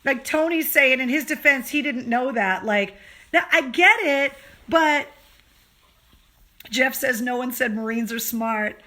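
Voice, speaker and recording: A woman hosting a casual livestream, telling a story with lively acted-out dialogue that rises to excited, loud outbursts. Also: sits high, a little slow. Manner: animated, acts out dialogue, gets loud and excited. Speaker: host. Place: home, on a live stream.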